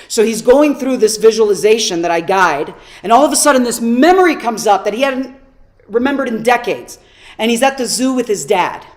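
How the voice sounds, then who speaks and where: Brief: woman coach, higher voice, lively storyteller teaching online. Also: brisk. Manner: animated storytelling, rhetorical questions. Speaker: personal development coach.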